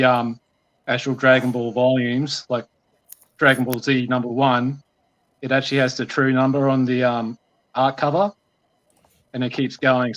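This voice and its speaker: A man in a casual panel chat, explaining things hesitantly with many pauses. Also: medium pitch, a bit bright. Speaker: panel guest. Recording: dull lo-fi sound.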